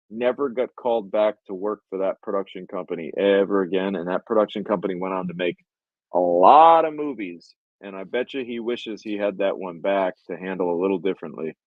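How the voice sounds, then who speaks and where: With a lowish voice on phone-quality audio without echo, a man hosts a podcast and casually relates a behind-the-scenes story. A filmmaker by trade, he swears a lot, stays animated, and acts out quotes.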